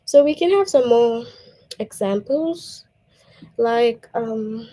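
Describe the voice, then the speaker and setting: A woman's voice: on the high side, expressive, takes it slowly, warm tone, rough recording. A woman teacher giving a patient grammar lesson to young children, checking in with "okay?" and reading example sentences aloud.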